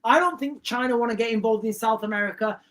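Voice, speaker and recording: A man's voice: extremely high pitch, quick pace, a bit bright. A man hosting a livestream, reading out viewer comments and answering them in a rambling, blunt, repetitive way. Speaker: livestream host.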